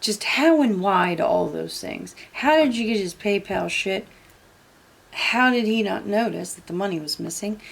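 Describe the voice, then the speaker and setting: Gravelly, blunt woman commentator. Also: medium pitch, animated, normal speed. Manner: blunt, sarcastic, swears freely. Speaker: commentary YouTuber. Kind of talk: casual reaction commentary.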